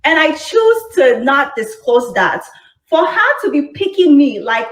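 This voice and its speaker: A woman caller with a high, lively voice argues her case insistently, words tumbling out in quick bursts with restarts. Her sound comes through an echoey streamed call. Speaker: caller on a dating show. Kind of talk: defensive live-stream call.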